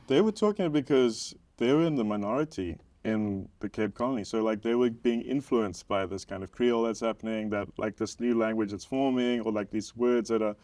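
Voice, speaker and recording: Young South African man, low voice, dry close sound, chatty explainer who hedges a lot. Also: a little fast, few pauses, a little mellow, dry recording. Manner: explanatory, hedging with many "like"s, laughs easily. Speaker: guest documentary maker. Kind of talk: casual podcast chat.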